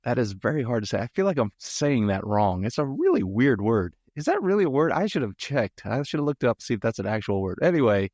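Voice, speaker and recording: A man's voice: medium pitch, big pitch swings, quick pace, hardly any pauses, darkish tone, no room sound, studio quality. A man hosting a solo podcast, reviewing a movie in a jokey, rambling way with self-mocking asides.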